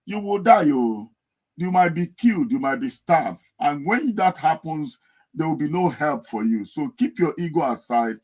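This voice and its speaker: Heard on poor audio, a man with a slightly high, a little mellow voice speaks as a guest in a podcast discussion in the United Kingdom. He's earnest, making his point with stories and mimicking a wailing wife.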